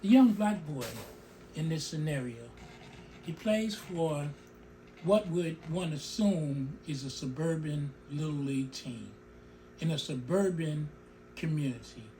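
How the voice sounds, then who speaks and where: Middle-aged male host, emotional opinion monologue, very lively pitch. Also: measured pace, a little hiss or hum. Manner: animated, emotional, digresses and comments on his own speech. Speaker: show host.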